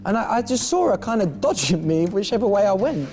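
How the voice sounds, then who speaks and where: A man's voice: high voice, sing-song, brisk, a little mellow. A man from a pop band telling a story in a cheeky, amused way. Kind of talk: interview. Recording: music under interview.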